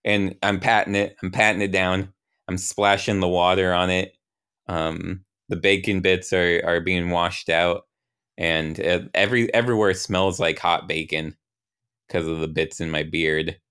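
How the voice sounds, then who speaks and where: A man narrating an improvised role-play game, halting and restarting as he goes. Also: low voice, steady tone, a bit bright, clean tone.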